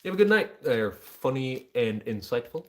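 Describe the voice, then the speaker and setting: A man's voice: mid-range voice, big pitch swings, normal speed, darkish tone. A man in his thirties chatting casually on a livestream, joking, self-deprecating and easily distracted. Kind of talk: casual rambling livestream chat.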